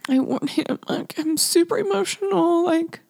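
Gravelly high-voiced woman confiding. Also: normal speed, darkish tone, no room sound. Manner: rambling and confessional, heavy use of "like"; often drops to a breathy near-whisper. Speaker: podcast host. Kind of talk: casual solo podcast monologue.

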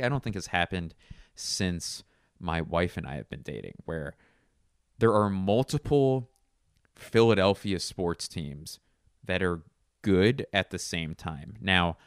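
Man, comedic podcast monologue, profane, rambling, very lively pitch, deep voice. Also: no echo, clean studio sound. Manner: profane, rambling, acts out imagined exchanges.

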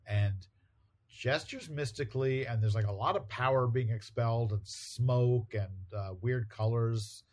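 A man's voice: medium pitch, a little slow, a little mellow. A man co-hosting a chat show, casually retelling a comic book story and briefly voicing characters in quotes. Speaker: podcast co-host.

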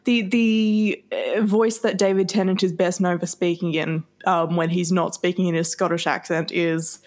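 A woman's voice: fairly low pitch, little pitch movement, normal speed, darkish tone. A woman co-hosting a podcast in casual chat, chatty and teasing, often giggling. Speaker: podcast co-host.

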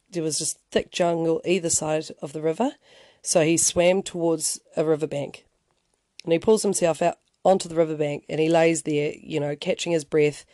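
A podcast host tells a story in a casual, rambling, conversational way, restarting often, adding wry asides and saying "you know" a lot. His voice is fairly high and darkish, and the recording is dry.

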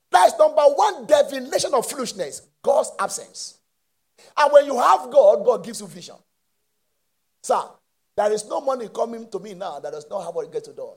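A man preaching a sermon with impassioned call-and-response and shouted peaks. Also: very high-pitched, slightly rough.

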